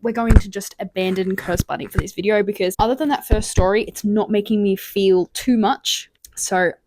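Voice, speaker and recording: A woman's voice: mid-range voice, normal speed, a little hiss or hum. Gushing young woman booktuber. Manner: excitable, gushing, drops into whispers. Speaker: book vlogger. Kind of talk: casual reading vlog. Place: at home. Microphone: camera mic, no external microphone.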